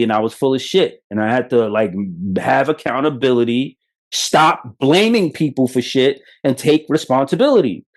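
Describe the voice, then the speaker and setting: A middle-aged Brooklyn man talks straight at his listeners in a podcast monologue. He is blunt and profane, and his stories come out animated and emphatic. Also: medium pitch. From Brooklyn, New York. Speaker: podcast host. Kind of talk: motivational monologue.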